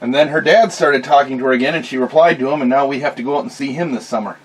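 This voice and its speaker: A man's voice: mid-range voice, fast, breathy edge, distant mic, low-quality recording. A man bantering on a podcast, cussing and throwing in punchlines. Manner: joking, cussing, interrupting with punchlines. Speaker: podcast co-host. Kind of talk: casual banter.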